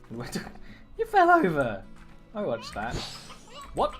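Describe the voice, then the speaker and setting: Soft music plays behind this slow, medium-pitched live-stream commentary. The streamer keeps things chatty and animated as he plays, joking about accents and attempting silly ones.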